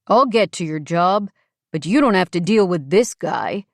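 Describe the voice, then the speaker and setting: A woman's voice: on the low side, lively intonation, moderate pace, no echo, clean studio sound. A woman voicing a smug, patronizing man with a Southern US accent, in an audiobook. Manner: crooning, ingratiating, louder.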